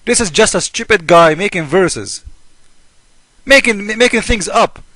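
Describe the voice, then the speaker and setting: A man's voice: sits high, animated, a little slow, pushed and bright, no room sound. A man delivering a polemical monologue as a religious critic, mocking and argumentative, firing off rhetorical questions.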